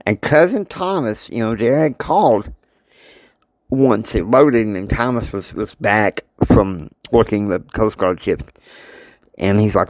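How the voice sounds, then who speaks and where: A man's voice: on the low side, darkish tone, no echo. Rambling male storyteller. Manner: rambling, with restarts and quick asides. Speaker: podcast host and storyteller. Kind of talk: casual story retelling with acted quotes.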